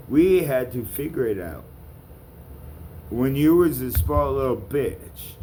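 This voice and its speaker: A man's voice: a little high, a little mellow, slight background noise. A man ranting to camera in a vlog, calling out people by name, with blunt, profane talk. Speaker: vlogger.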